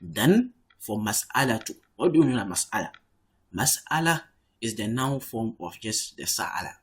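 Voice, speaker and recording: Um professor de árabe numa aula online, que explica com paciência, repete as palavras e diz "okay" com frequência. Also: male voice, on the low side, sing-song, quick pace, breathy edge. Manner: explains patiently, repeats words, says "okay" often. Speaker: Arabic teacher. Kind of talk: online language lesson.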